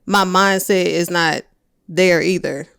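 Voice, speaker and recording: A woman's voice: fairly low pitch, steady tone, takes it slowly, gravelly, a bit bright, clean tone, dry recording, clean studio sound. A woman guest on a podcast in casual chat, talking frankly and poking fun at herself. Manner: frank, plain-spoken, self-mocking.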